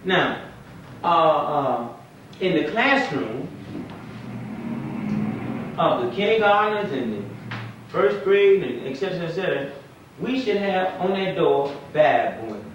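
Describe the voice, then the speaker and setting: A fairly high-voiced man, an imam, lectures a class in a relaxed, conversational way and keeps quizzing his students. He is heard from across a very echoey mosque classroom. The recording sounds like dull, muffled 1990s tape with a faint hiss. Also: slow pace, pauses often, recorded from a distance. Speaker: imam teaching Arabic.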